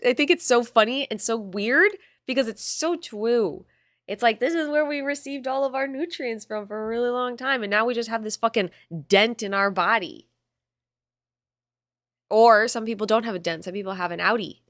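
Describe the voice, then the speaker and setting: A woman's voice: mid-range voice, moderate pace, gravelly, dry recording, studio quality. A young woman streamer chatting casually and reading chat aloud, bubbly and swearing freely.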